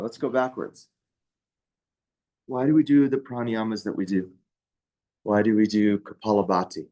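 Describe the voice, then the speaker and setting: A young man with a fairly low voice leads a yoga training class. He talks casually and conversationally, stopping often to check in with his students. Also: steady tone, normal speed, long pauses, mellow. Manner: casual, conversational, with many asides and "right?". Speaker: yoga teacher.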